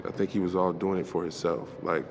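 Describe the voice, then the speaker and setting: Interview guest, man, deep-ish voice, hesitant and candid. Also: steady tone, highs cut off, background noise. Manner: halting, full of fillers.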